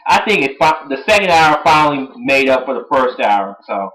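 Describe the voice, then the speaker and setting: A man giving a casual recap of a wrestling show as an excitable fan, chatty and full of fillers. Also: mid-range voice, moderate pace, low-quality recording. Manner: excitable, bursts into shouting and laughter, chatty with fillers.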